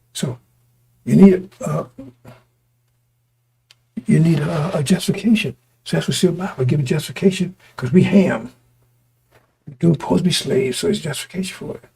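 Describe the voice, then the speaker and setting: A man preaching a sermon to his congregation, his voice going hoarse, talking in repetitive, stop-start bursts and often asking listeners whether they understand. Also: fairly high pitch, warm tone. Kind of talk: street-style sermon to a congregation.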